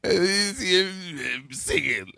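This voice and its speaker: A man's voice: high-pitched, sing-song, takes it slowly, vocal fry, sharp tone. A Trinidadian man hosting a casual talk show, joking and laughing often as he teases his guest. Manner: jokey, laughs often, teasing. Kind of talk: casual chat.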